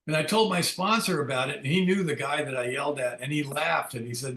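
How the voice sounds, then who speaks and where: Brief: older male speaker, pitch a little high, telling frank recovery stories in a reverberant room. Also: a little fast, a bit bright. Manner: candid storytelling, acts out quoted dialogue. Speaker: AA speaker leading a Big Book study. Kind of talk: personal recovery talk.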